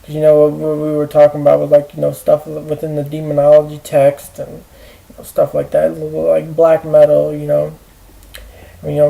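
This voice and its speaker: A man ranting to camera in a rambling, profane way, halting with fillers and restarts. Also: on the high side, vocal fry, warm tone, rough recording. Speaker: vlogger. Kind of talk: rambling personal rant.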